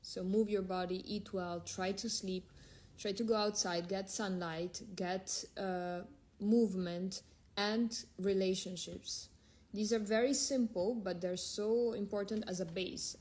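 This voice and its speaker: A woman's voice: mid-range voice, steady tone, measured pace, darkish tone. A woman hosting a casual phone livestream, reading out viewer questions and answering them frankly, drifting between languages as she talks. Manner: drifts between several languages mid-stream.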